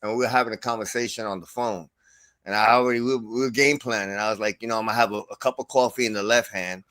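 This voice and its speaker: A man's voice: fairly low pitch, steady tone, fast talker, a bit bright, no room sound. A middle-aged man hosting a casual livestream chat, telling stories loosely with lots of swearing and laughter. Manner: profane, laughing storyteller. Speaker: stream host.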